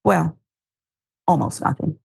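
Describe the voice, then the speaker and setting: A woman's voice: deep voice, takes it slowly, creaky, a little mellow, husky. A woman hosting a news commentary show, reading headlines casually with wry, joking asides.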